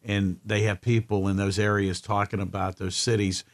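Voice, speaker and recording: A man's voice: lowish voice, level tone, moderate pace, creaky. A man co-hosting a podcast in casual chat, skeptical and lecturing as he gives his opinions. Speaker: podcast co-host.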